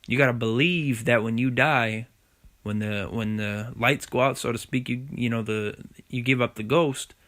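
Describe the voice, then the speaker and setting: A medium-pitched, fairly bright voice with fairly even intonation carries this preacher's informal sermon at a moderate pace. He stumbles while reading scripture aloud, then punctuates each point with "okay?" and "man."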